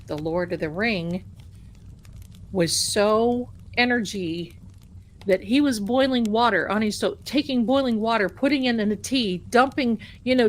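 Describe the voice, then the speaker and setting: An American woman hosting a casual livestream, chatty, repeating herself and sometimes dropping to a whisper. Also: mid-range voice. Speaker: livestream host.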